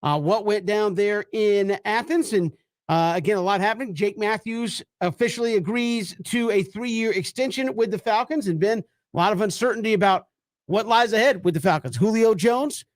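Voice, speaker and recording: A man co-hosting a sports talk radio show, chatty and quick, with playful asides. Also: sits high, dry recording, studio quality.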